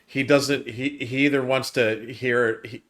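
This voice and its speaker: A man's voice: medium pitch, fairly even intonation, unhurried, a bit bright. Man, casual review host, rambles and restarts, medium voice. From United States. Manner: rambling, restarts sentences, hedging. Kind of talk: casual chat.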